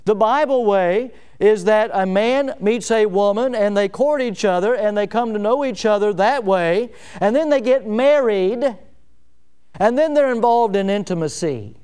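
A man preaching in church with a high, ringing voice. He hammers home his points by repeating phrases and climbs to loud peaks before sinking low. The tone is smooth and clear throughout. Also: a little slow. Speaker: pastor. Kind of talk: sermon.

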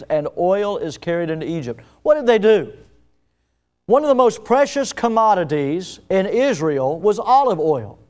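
A man preaches with a high, clear, ringing voice. He swings between loud, emphatic peaks and hushed asides, and he often turns to the congregation with direct questions. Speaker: pastor. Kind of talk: sermon.

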